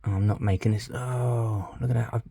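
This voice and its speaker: A British man with a fairly low voice talks through a fiddly toy repair. He mutters and half-whispers, cursing under his breath as he works, in a relaxed hobby-channel manner. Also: normal speed, gravelly, slightly rough. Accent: British English. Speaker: toy collector channel host. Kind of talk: casual commentary while repairing a toy.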